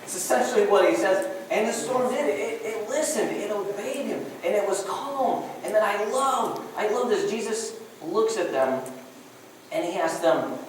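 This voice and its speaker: A man's voice: sits high, normal speed. Conversational male preacher, chatty and jokey, roomy church sound picked up from afar. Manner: conversational and joking, many restarts. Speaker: pastor. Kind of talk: sermon. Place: church sanctuary. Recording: distant mic with echoey room and faint noise.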